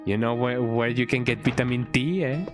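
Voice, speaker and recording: A man's voice: medium pitch, moderate pace. A man streaming a game with casual, playful commentary. He repeats words in a goofy sing-song and often ends sentences with "eh?". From Mexico. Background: game music.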